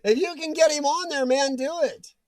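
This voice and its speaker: A man's voice: extremely high pitch, moderate pace, no echo. A man hosting a casual livestream, reading viewer comments aloud, joking and laughing often. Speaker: livestream host reading chat. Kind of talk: casual chat.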